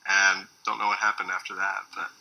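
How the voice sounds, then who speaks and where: Bright-voiced man telling an anecdote. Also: deep voice, fairly quick, creaky, rough recording. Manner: animated, acts out quoted voices. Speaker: storyteller in a documentary. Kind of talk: casual anecdote.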